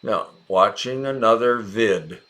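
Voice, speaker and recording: A man with an American accent teaching English in a relaxed, chatty way, encouraging viewers and calling them by name. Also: on the low side, slow pace. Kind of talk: casual ESL lesson narration.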